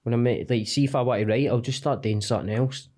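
A man's voice: mid-range voice, fairly even intonation, fast talker, a little mellow. A young Scottish man, a comedian guest, rambling and self-deprecating in casual podcast chat.

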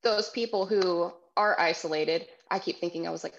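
Lower-voiced woman on a dull, lo-fi line. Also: moderate pace. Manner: thoughtful, rambling, many likes. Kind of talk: casual chat.

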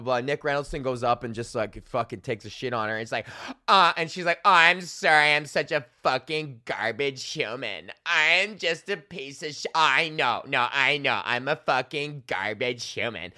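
A young man hosting his own podcast, a stand-up comic who rants in a loose and constantly profane way. His voice sits a little higher than most men's. He keeps slipping into quick acted-out quotes of himself and others. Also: dry recording, studio quality. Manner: animated, swears constantly, acts out quotes. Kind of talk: casual profane rant.

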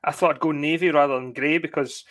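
Laughing Scottish man, husky voice. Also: a little high, fairly even intonation, quick pace, fairly bright tone. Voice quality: husky tonight. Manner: laughs often, reads out viewer comments. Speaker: podcast co-host. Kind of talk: casual live podcast chat.

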